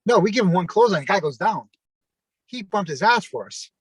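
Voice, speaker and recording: A man's voice: high voice, lively intonation, brisk, slightly rough, no room sound. A man, a former wrestler telling long anecdotes in a casual interview, full of fillers and quoted dialogue.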